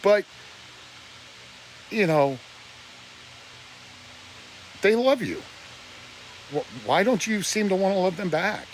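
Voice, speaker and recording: A man's voice: sits high, animated, a little slow, pauses often, slight background noise. Blunt, preachy man ranting on a live stream. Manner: preachy and blunt, voice breaking with emotion. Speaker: livestreamer. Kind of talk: emotional live-stream rant.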